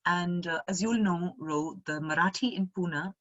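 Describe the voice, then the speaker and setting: A middle-aged woman from India, chatting as a guest in an expressive, animated way over a video call. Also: on the low side, normal speed, dry recording, dull audio. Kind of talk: casual conversation.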